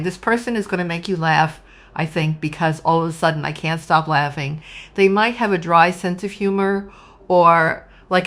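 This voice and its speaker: A woman giving a casual spoken tarot reading, animated and acting out quoted voices. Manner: animated, acts out quoted voices with sudden pitch jumps. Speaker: tarot reader.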